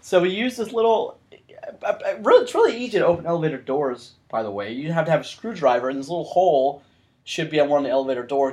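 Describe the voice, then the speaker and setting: A man's voice: fairly high pitch, a little mellow. A man hosting a podcast in casual chat, telling long rambling stories with frequent restarts. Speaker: podcast host.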